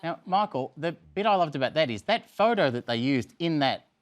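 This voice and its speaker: Teasing talk show host, lively voice. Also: male voice, on the high side, fairly quick, faint music behind. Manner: dry, teasing. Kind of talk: casual chat.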